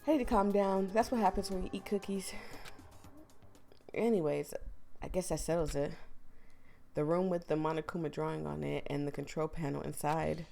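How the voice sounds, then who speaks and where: A woman's voice: deep voice, normal speed, creaky, long pauses, mellow, soft background music. A woman gaming YouTuber with a cold, chatting to her viewers in let's play commentary. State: has a cold. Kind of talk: let's play commentary and reading game text aloud.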